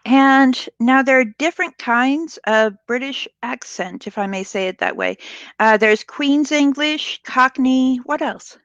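A woman with a high, fairly bright voice speaks a little slowly, and the audio is dull but free of echo. She hosts a casual online interview show live over a video call from home, chatty and upbeat and quick to laugh.

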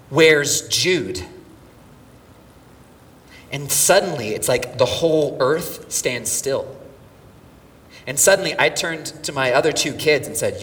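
Animated middle-aged preacher in a big hall. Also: male voice, medium pitch. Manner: animated storytelling, dropping to near-whispers and rising to shouts. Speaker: pastor. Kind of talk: sermon. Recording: distant mic with hall reverb and faint room noise.

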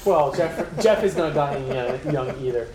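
A man's voice: a little high, animated, unhurried, echoey room, noisy background. A man running a tabletop game as game master, describing scenes in a loose way with fillers.

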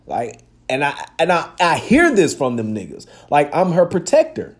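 High, lively-voiced man ranting. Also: unhurried, hardly any pauses. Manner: animated, profane, emphatic storytelling. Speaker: podcast host. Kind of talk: casual monologue.

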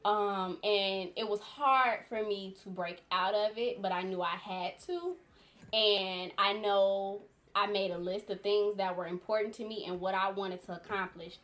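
A woman in her thirties hosting a podcast, telling a story in casual chat and acting out quotes with a lively voice. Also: mid-range voice. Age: 30s. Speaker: podcast host.

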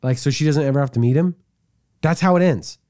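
A man co-hosting a casual podcast chat, animated and joking, often slipping into silly quoted voices. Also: a little high, a little fast. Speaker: podcast co-host.

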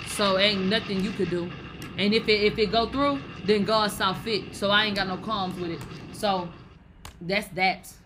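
A woman's voice: on the low side, fairly bright tone, a little hiss or hum. A woman hosting a casual livestream podcast, talking brashly and profanely in slangy commentary with laughing asides. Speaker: podcast host.

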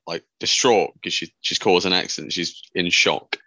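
A man with a lowish, forceful, edgy voice spins a rambling, sweary anecdote on a podcast. He keeps slipping into impressions of the people in his story. The sound is close and completely dry. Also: normal speed, no room sound, dull audio. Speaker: podcast co-host. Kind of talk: casual storytelling chat.

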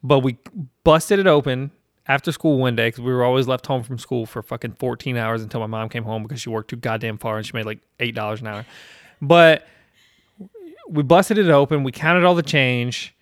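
A man's voice: mid-range voice, a little fast, no room sound. A man in his thirties from South Carolina, hosting a casual chat and telling a rambling, profane story with self-deprecating laughs.

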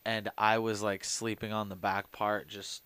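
A man in his thirties co-hosting a podcast, telling crude stories in a dry, deadpan way and swearing casually. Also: lowish voice, measured pace, over a noisy crowd. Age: 30s. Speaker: podcast co-host.

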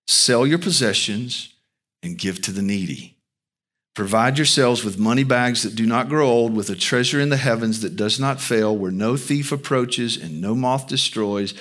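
A man preaching a sermon as pastor, emphatic, with rhetorical questions to the congregation. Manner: animated preaching with big pitch swings, slow and emphatic.

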